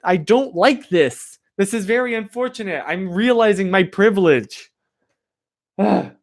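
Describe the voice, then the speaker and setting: A man's voice: sits high, unhurried. A man live-streaming from a chilly room, chatting casually and rambling with plenty of "like" fillers while answering his viewers. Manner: answers viewer chat directly. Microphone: streaming microphone.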